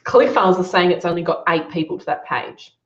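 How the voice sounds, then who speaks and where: A woman's voice: on the low side, a little fast. A woman running a live online Q&A as a business coach, giving upbeat, encouraging feedback on students' work. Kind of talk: live Q&A session. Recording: roomy, dull lo-fi sound.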